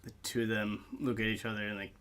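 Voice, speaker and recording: A man running a tabletop game as game master, narrating with many halting fillers. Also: lowish voice, level tone, fairly bright tone, clean tone.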